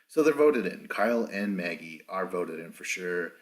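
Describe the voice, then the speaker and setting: A man's voice: low-pitched, lively intonation, moderate pace. A man hosting a casual podcast recap without a proper microphone, rambling, swearing freely and acting out what others said. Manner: rambling, profane, acts out quotes. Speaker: podcast host.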